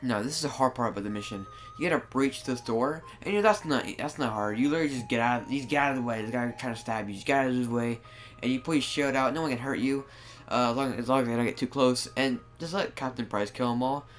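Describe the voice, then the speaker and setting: A man with a medium-pitched voice talks fast over his gameplay, with faint music in the background. His commentary is casual and rambling, full of filler words and sentences he keeps restarting. He's recording on a new desktop microphone.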